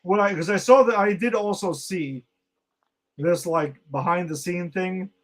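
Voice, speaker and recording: Male podcast co-host, animated and profane, breaks down an episode in casual chat, voice pitched a little high. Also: unhurried. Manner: excited, swears freely, acts out quotes.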